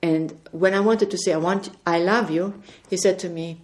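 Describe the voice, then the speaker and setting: A woman giving an earnest spiritual testimony at home, gently recounting conversations. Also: fairly low pitch, steady tone, moderate pace. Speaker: religious speaker. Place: indoors at home.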